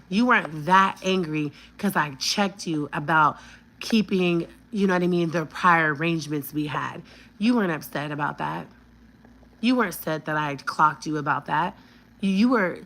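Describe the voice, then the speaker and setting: A woman's voice: on the low side, a bit bright, slight background noise, low-quality recording. A woman in her thirties telling a personal story on a vlog, blunt and emphatic with plenty of cursing.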